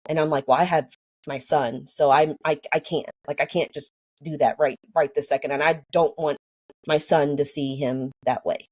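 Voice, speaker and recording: A woman's voice: fairly low pitch, a little mellow. A woman telling her own story casually, rambling with many fillers and acting out what people said. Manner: rambling, lots of fillers, acts out quoted dialogue.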